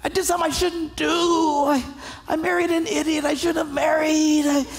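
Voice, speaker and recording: A man's voice: very high voice, level tone, moderate pace, gravelly, pitched above the performer's own voice, poor audio. A preacher putting on the voice of a whining churchgoer who lists his endless troubles in a raised, exasperated voice. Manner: whiny, exasperated, shouting. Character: complaining man stuck in his troubles.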